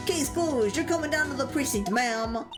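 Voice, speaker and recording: A woman voicing a gruff, bossy male police detective who tacks "see?" onto his sentences, reading aloud from a game. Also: high voice, expressive, normal speed, over music. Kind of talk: game voice-over read-aloud.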